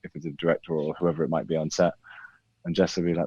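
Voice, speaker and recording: A man with a British accent and a very low voice talks through his craft in a relaxed, thoughtful way, circling back and restarting often. The recording is dry and a little muffled. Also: fast, slightly rough, dry recording. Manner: thoughtful, many restarts and hedges. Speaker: actor guest. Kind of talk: casual interview chat.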